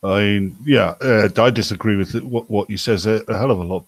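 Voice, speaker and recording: A man's voice: on the low side, brisk, no room sound. A man chatting casually and wryly as a panelist on a stream. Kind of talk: casual chat.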